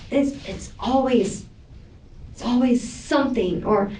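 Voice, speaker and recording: A woman's voice: a little high, huge pitch swings, measured pace, darkish tone, recorded from a distance, slight background noise. A woman under police questioning, talking in a rambling, defensive way as she vents. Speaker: suspect in police interview. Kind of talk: police interrogation. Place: police interview room. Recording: echoey room, voice from afar.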